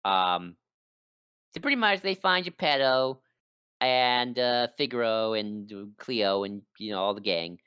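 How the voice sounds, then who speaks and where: A woman podcast co-host recapping a game plot in casual chat, rambling with quick asides, close on a desk microphone. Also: a bass voice, animated, a bit bright, smooth, no room sound.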